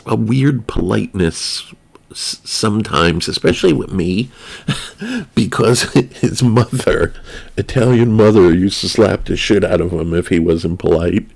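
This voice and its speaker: A man with a low, gravelly voice telling a personal story at an unhurried, drawn-out pace. He rambles wryly, trailing off into asides before picking the thread back up. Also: expressive, a little mellow. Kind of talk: casual storytelling.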